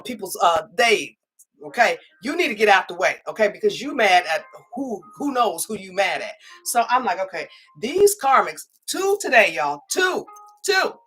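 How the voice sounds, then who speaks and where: A woman giving a spiritual reading who chats casually with viewers, stressing her points with a repeated "okay?" and acting out her own sharp replies. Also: mid-range voice, breathy edge. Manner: animated, repeats "okay?" for emphasis; emphatic, re-enacts her own retorts. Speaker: spiritual tarot reader.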